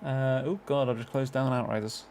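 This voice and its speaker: A man co-hosting a game stream, teasing his partner with quick quips and giggles. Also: medium pitch, fairly even intonation, a little mellow, a little hiss or hum. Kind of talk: casual banter while gaming.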